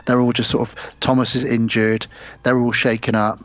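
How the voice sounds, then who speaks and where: A man's voice: mid-range voice, flat delivery, moderate pace, no echo, lo-fi sound. A man co-hosting a podcast in casual chat, retelling a film plot step by step. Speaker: podcast co-host.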